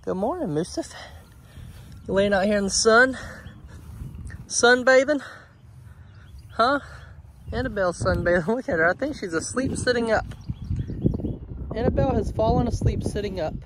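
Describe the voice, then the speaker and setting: A man talking warmly to his animals on a rural homestead, then narrating his building work. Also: sits high, expressive, normal speed, pauses often, slight background noise. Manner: affectionate baby talk to animals, then practical narration. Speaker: homesteading vlogger. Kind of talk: casual vlog talk to animals and camera. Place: outdoors on a rural farm.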